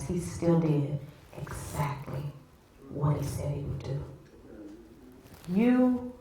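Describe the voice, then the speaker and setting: A woman's voice: fairly low pitch, far from the mic, slight background noise. A woman minister preaching a sermon, telling a story and then building to fervent preaching. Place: church. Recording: very echoey church heard from afar.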